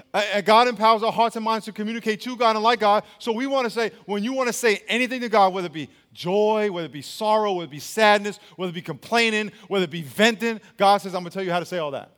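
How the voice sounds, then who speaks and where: A man's voice: sits high, a bit bright, long reverb tail. A man preaching a sermon as pastor, speaking emphatically and quizzing the congregation with questions.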